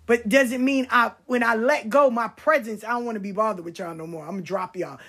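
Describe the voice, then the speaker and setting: A middle-aged woman telling stories about her life in a casual, blunt and animated way, swearing freely. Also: a little high, a little fast, husky. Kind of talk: casual storytelling.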